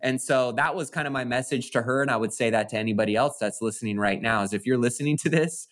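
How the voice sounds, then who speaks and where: A man's voice: medium pitch, fast talker. Man, podcast co-host, earnest, motivational, casual chat.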